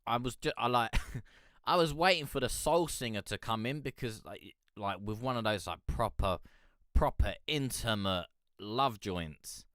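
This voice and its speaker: A young man hosting a live music review stream, chatting in a rambling, excitable way. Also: mid-range voice, a little slow, no room sound, clean studio sound. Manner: rambling, excitable, peppered with "mate". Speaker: music review show host. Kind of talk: casual live-stream commentary.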